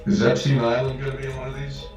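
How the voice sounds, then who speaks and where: A man's voice: medium pitch, level tone, fast, dull audio. A male guest in casual chat, joking and laughing at his own quips, recorded with a roomy echo from far off the mic, music behind.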